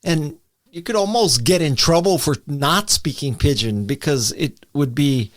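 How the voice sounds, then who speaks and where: An older man from Hawaii telling stories with a chuckle as the guest in a relaxed interview. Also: a little high, a little slow. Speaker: podcast host, interviewed guest. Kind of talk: casual interview conversation.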